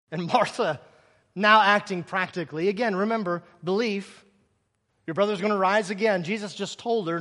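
A man's voice: high-pitched, moderate pace, fairly bright tone, long reverb tail. A man preaching a sermon, acting out scripture scenes and asking rhetorical questions.

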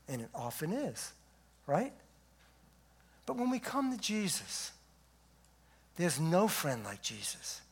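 A man preaches from the pulpit, his voice sitting high for a man. He swings between forceful, raised declarations and soft, hushed moments as he delivers the sermon. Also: breathy edge. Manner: emphatic preaching that swings from loud to quiet. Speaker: pastor. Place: church sanctuary.

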